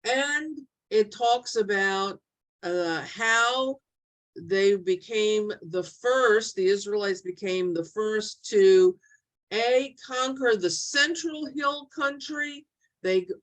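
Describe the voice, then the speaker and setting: A middle-aged woman teaching an online Bible study over a video call, speaking haltingly with many fillers and restarts. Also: medium pitch.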